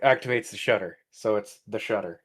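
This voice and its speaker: A man's voice: fairly low pitch, a little fast, breathy edge. A man co-hosting a podcast in a laid-back casual chat, with dry sarcasm. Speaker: podcast co-host.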